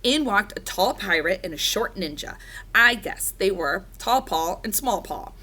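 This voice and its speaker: A woman reading a children's storybook aloud, animated and expressive. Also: medium pitch, a little slow, slightly rough. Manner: animated, doing character voices. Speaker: reader.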